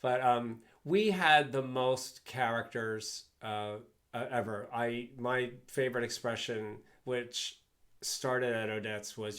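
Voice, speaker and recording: A man's voice: medium pitch, slow, fairly bright tone. An older man, a guest speaker, telling fond, rambling anecdotes and chuckling along the way. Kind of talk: anecdotal storytelling.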